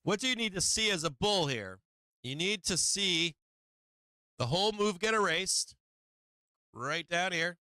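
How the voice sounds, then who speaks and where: Guy running a live trading stream, super bright crisp voice, dry close mic, keeps asking the chat questions. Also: high-pitched, expressive, unhurried, long pauses, no room sound. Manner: rhetorical questions to viewers, chats to his cat. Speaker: stock market stream host.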